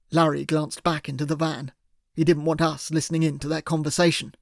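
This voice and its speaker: Gravelly man narrating an audiobook. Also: fairly high pitch, level tone, brisk, no room sound, studio quality. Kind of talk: first-person audiobook narration.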